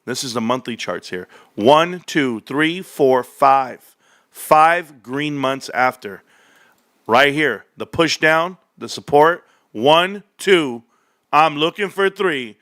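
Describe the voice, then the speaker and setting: A man's voice: on the high side, slow, no echo, studio quality. Joking man talking stock charts. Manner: animated and joking, calls viewers bro. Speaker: stock market video host. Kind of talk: casual market commentary.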